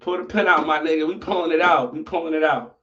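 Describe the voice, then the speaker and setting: High-pitched, profane livestream host. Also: male voice, fast talker, far from the mic, slight background noise. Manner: profane, animated, talks to viewers. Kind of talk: casual livestream commentary. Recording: dull lo-fi audio from off-mic.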